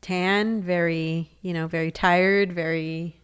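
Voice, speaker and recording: A woman's voice: on the low side, steady tone, slow pace, clear, resonant tone. A woman co-hosting a casual couples' podcast, playful and chatty, with many mm-hmms as she listens. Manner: chatty, playful, backchannels a lot. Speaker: podcast co-host. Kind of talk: casual chat.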